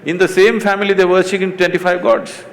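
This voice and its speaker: A man's voice: high voice, flat delivery. Middle-aged Indian man, spiritual teacher; emphatic, teasing, leans on words; faint noise behind. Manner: emphatic, teasing, slow deliberate stresses. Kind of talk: stage conversation with an interviewer.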